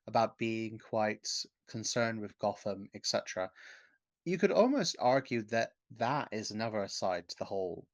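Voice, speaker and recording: Measured man co-hosting a podcast, dry sound. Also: lowish voice, no echo. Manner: measured, hedging with "and such" and "um". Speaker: podcast co-host. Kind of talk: casual podcast discussion.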